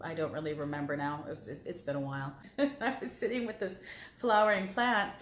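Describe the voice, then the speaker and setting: Heartfelt woman telling stories, low voice. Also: steady tone, a little fast, reverberant, a little hiss or hum. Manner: heartfelt, repeats words as she recalls. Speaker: guest on a spiritual talk show. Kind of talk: personal storytelling.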